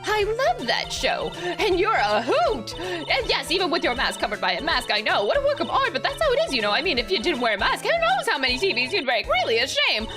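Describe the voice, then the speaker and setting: A woman voicing a shrill, nagging old woman security guard who chatters and scolds without stopping. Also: huge pitch swings, full character voice. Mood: gushing. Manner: rapid, scolding nonstop chatter. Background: game music.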